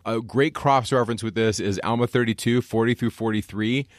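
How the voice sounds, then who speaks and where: A man with a low voice, recorded dry and close, leads a casual scripture discussion. He explains verses and slows down deliberately whenever he reads a passage aloud. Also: no room sound. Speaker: podcast co-host, scripture teacher.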